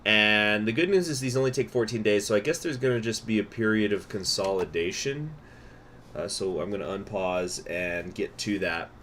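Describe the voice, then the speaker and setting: A man with a lowish voice streaming a strategy game, chatting loosely with his viewers and filling pauses with little "uh"s. A faint hum sits under his voice. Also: a bit bright. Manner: chatty, answers chat, many fillers. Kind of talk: casual live-stream gameplay commentary.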